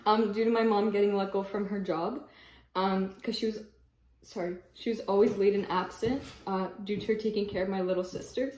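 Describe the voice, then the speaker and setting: A woman's voice: mid-range voice, fairly even intonation, brisk, darkish tone, echoey room, poor audio. A teenage girl giving a mock audition speech in a stop-start way, often breaking into giggles. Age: teens. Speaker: teen filming a prank on her parents.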